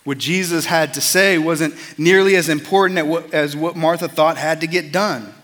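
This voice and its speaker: A man's voice: fairly high pitch, steady tone, moderate pace, fairly bright tone, long reverb tail. A man preaching a sermon as a pastor, earnest and conversational, often repeating words as he starts a phrase.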